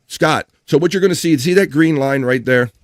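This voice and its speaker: A man hosting a casual live stream, chatting in a jokey, animated way and mimicking others. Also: on the high side, brisk, no room sound, clean studio sound. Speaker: host.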